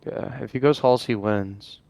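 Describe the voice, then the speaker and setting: A man playing a team shooter over voice chat, giving quick callouts to his team. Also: medium pitch, vocal fry, darkish tone, no echo. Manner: quick game callouts, laughs easily. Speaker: student player. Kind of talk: casual gaming callouts.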